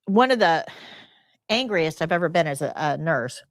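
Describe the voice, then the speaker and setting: A middle-aged woman teaching a live nursing class, telling stories in an emphatic, lively way. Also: sits low, moderate pace, dry recording. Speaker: nursing instructor.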